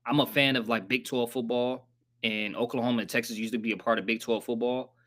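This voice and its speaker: A man hosting a casual live sports recap, rambling in slangy, profane talk and saying he sounds flat and let down. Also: mid-range voice, fairly quick. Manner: says he sounds monotone and disappointed. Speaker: sports channel host.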